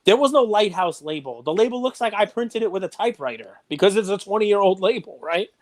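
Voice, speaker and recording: Animated, ranting middle-aged man. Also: high voice, fairly quick. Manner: animated, gets worked up and ranty. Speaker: podcast co-host. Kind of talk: casual chat.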